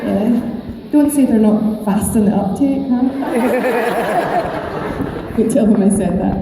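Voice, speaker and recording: A woman's voice: fairly high pitch, slow, very noisy. A woman, an actress chatting and joking with fans on a convention panel, laughing often into a handheld microphone. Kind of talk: casual, playful panel chat with fans. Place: large convention hall. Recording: echoey hall with long reverb.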